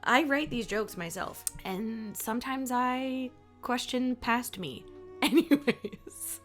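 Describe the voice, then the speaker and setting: A woman's voice: on the high side, slow, soft background music. A woman with a Southern US accent hosting a history podcast, narrating with sarcastic, playful jokes and asides.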